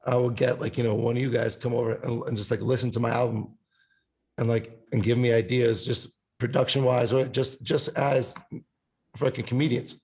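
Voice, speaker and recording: A man's voice: mid-range voice, flat delivery, moderate pace, darkish tone. A man, a musician guest on a podcast, talking in a loose, rambling way, swearing often and breaking into sung snippets. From Italian family background. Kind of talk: casual chat.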